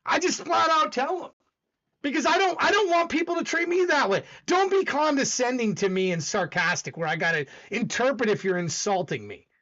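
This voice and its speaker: High-voiced rambling Southern livestream host. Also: male voice, lively intonation, brisk, sharp tone, muffled recording. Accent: Southern American. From American South. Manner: rambling, talks back to chat, argumentative. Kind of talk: casual livestream chat.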